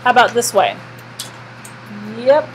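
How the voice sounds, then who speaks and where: Woman teacher, classroom lecture, slightly high voice, quizzes the class and answers herself. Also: normal speed, slight background noise, poor audio. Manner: asks the class questions and answers them herself. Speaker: math teacher.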